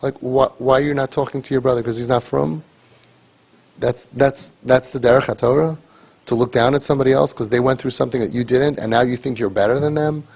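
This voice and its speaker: A middle-aged man with a husky, slightly rough voice, lecturing a group in earnest. He speaks at an average pitch and keeps driving points home with emphatic rhetorical questions. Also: fairly even intonation, fairly quick, darkish tone. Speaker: parent crisis coach leading a sibling training group.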